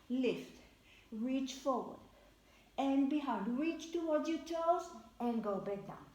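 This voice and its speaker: A woman leading a Pilates class at home, cueing each movement with calm, repeated counts. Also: a little high, echoey room. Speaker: Pilates instructor. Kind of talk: live exercise class instruction.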